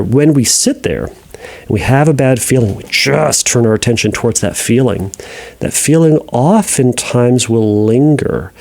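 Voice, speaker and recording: Animated man hosting an advice podcast. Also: mid-range voice, vocal fry. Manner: animated, talks through examples in acted inner voices, restarts often. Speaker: podcast host answering listener questions. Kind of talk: casual advice monologue.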